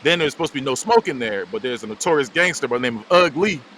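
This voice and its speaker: A man hosting a podcast, recapping a film in a loose, animated way. His voice sits at a middle pitch but swings widely as he tells the story. Faint noise sits behind him. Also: quick pace, low-quality recording. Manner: animated storytelling, frequently laughing. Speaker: podcast host. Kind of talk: casual movie recap.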